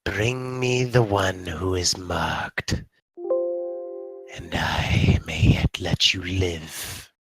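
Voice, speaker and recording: A man voicing a menacing disembodied voice, an unseen watcher that speaks slowly and swings between shouting and whispering. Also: low voice, fairly even intonation, soft background music, heavily acted.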